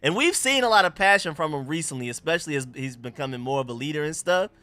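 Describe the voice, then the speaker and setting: Quick, expressive, and a little high, his bright, forceful voice drives a live sports reaction stream. The young man is pumped, slangy, and keeps repeating phrases as the game unfolds.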